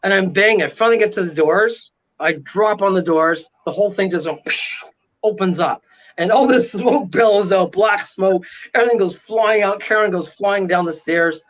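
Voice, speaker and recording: Guy with a high voice spinning a spooky story, acts out every voice, dull lo-fi sound. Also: fairly bright tone. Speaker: paranormal investigator guest. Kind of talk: animated storytelling. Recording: dull lo-fi audio.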